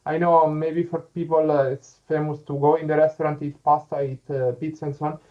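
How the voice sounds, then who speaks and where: A man's voice: a little high, flat delivery, fairly quick, phone-quality sound. A man with an Italian accent hosting a casual live chat, reading viewer comments aloud and laughing often. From Italy. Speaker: livestream host.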